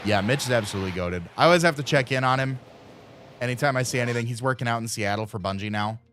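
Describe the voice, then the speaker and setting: A man's voice: medium pitch, fast talker, fairly bright tone, slight background noise. A man in his thirties, a streamer, telling a rambling casual story full of fillers and little acted voices. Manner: rambling, lots of fillers, acts out friends' voices.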